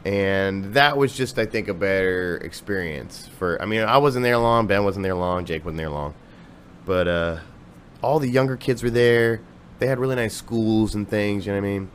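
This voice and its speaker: Low-voiced, profane male storyteller. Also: normal speed, a little hiss or hum. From Ohio, US. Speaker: podcast guest, musician. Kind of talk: casual chat.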